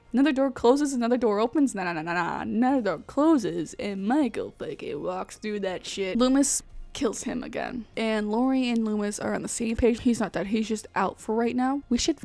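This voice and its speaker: A woman with a slightly high voice tells a horror movie's plot in a loose, foul-mouthed, animated way. The sound is dry and close to the mic, with no room around her. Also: moderate pace, vocal fry, no echo, faint music behind. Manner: profane, animated storytelling. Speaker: host. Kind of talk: casual movie recap.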